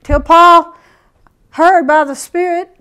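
A woman preacher giving a sermon, telling stories in an animated way and chuckling often. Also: very high voice, slow.

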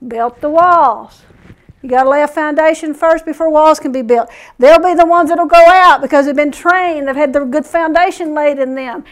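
A woman preacher giving a sermon, telling stories in an animated way and chuckling often. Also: high voice, normal speed.

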